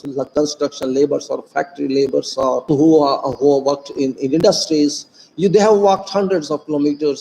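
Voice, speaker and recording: A man with an Indian accent speaking to viewers in an earnest, emphatic informal monologue, slowing down to stress key phrases. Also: a little high, mellow, big-room sound, slight background noise, low-quality recording. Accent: Indian English.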